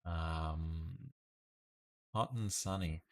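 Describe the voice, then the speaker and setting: A man's voice: a bass voice, very slow. An Australian man in casual live-stream chat, playfully musing through guesses and laughing often with his viewers. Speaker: streamer solving word puzzles live.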